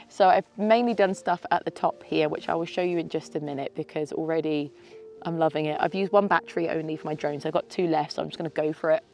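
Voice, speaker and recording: Woman in her 30s vlogging from a mountaintop, kinda gravelly, teary and sniffly, soft music underneath. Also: low voice, quick pace. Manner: tearful, sighing, laughing between sentences. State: teary with a snotty nose. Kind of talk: emotional casual vlog to camera. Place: outdoors on a mountain summit.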